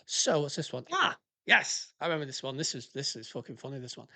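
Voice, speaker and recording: A man's voice: mid-range voice, very animated, quick pace, gravelly, sharp tone. A man hosting a podcast, ranting in a blunt, sweary way. He is a former police officer reacting to listener stories in heated, casual commentary.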